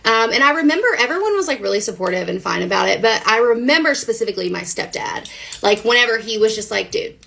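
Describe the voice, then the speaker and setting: A woman's voice: a little high, animated, fast talker, creaky, fairly bright tone. A young woman frankly retelling a personal story, acting out the voices of the people in it. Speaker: woman telling her story on video.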